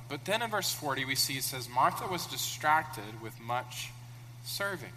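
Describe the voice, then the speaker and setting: A man preaching a sermon, animated, acting out the characters in sudden loud high bursts. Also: a little fast. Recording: long echo of a large room, faint hum.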